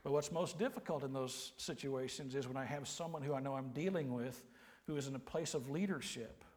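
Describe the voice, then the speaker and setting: A man, preaching a sermon with folksy, humorous storytelling and quiet, earnest emphasis. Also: medium pitch, fairly quick, slight background noise. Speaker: pastor. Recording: long hall reverb.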